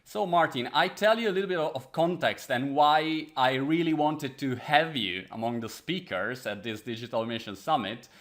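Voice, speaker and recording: A man's voice: medium pitch, moderate pace, hardly any pauses, a bit bright. An Italian-accented man interviews a guest in eager, meandering English. He keeps circling back and restarting his sentences. His voice sits in a middle register. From Italy. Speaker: interview host. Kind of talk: casual interview.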